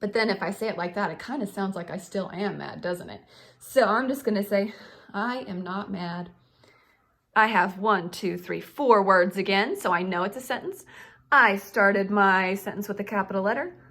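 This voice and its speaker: A woman's voice: medium pitch, moderate pace, fairly bright tone. A woman teaching young children to write sentences, patient and sing-song, calling them friends. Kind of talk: children's writing lesson.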